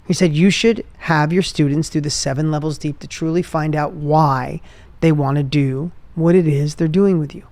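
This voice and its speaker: A man hosting a podcast, telling a personal motivational story with energy, his voice dropping low and soft when he turns emotional. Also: fairly even intonation, normal speed, no room sound. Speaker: podcast host.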